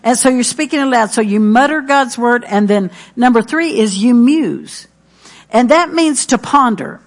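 A woman's voice: fairly high pitch, lively intonation, moderate pace. A middle-aged woman preaching a sermon, earnest and emphatic, repeating her key phrases.

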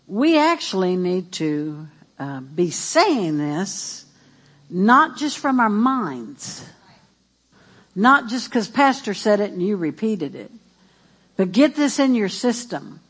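A woman preaching a sermon in an animated, emphatic and playful way. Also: mid-range voice, takes it slowly, slightly rough.

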